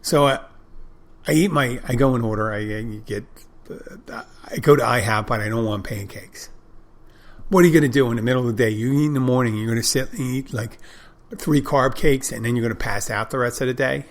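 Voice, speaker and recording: A man's voice: medium pitch, brisk. A middle-aged man hosting a podcast, telling a rambling, profane story in a casual monologue with frequent restarts. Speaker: podcast host.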